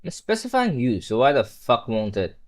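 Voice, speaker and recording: A man's voice: medium pitch, huge pitch swings, normal speed. Swearing, rambling male live streamer. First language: not English. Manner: rambling, swears when frustrated, talks to chat. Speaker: livestreamer. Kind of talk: casual live-stream chat while coding.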